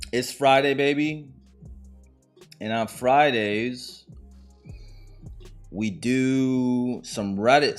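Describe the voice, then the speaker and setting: A man hosting a live-streamed podcast, joking and reacting to clips in a casual, slangy way. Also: fairly low pitch. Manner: uses slang and swearing. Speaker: podcast host.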